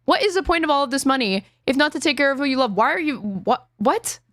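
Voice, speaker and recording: A woman's voice: high-pitched, animated, quick pace, fairly bright tone, no echo, clean studio sound. A woman streamer giving sarcastic, indignant live commentary on a podcast clip, swearing freely.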